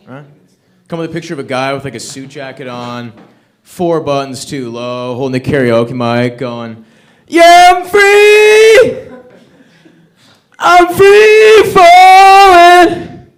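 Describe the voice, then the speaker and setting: At a comedy open mic, a stand-up comedian rants crudely into the stage microphone, swearing in punchy bursts. His voice is medium-pitched with a steady tone and a moderate pace.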